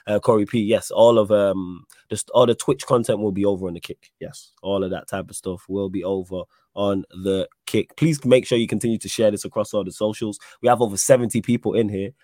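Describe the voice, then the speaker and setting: A man's voice: fairly low pitch, fairly even intonation, fast, few pauses, dark tone, no room sound, clean studio sound. A man hosting a casual live stream, chatting and reading out viewer messages, with a slight cough. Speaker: stream host.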